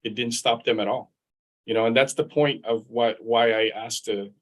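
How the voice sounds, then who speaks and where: Speaking over a video call for a live interview, a middle-aged veteran and attorney from Guam recounts personal experiences conversationally, often repeating words as he thinks. His mid-range voice stays steady at a moderate pace, though the audio is low in quality.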